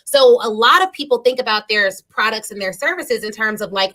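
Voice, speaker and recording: A woman's voice: on the high side, lively intonation, brisk, few pauses, bright, forceful tone, poor audio. A woman hosting a podcast interview, speaking emphatically in a coaching tone. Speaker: podcast host.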